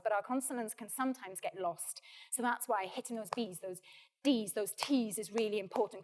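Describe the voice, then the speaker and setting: A woman with a Welsh accent, an actor leading a practical drama workshop and giving clear, encouraging instructions. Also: medium pitch.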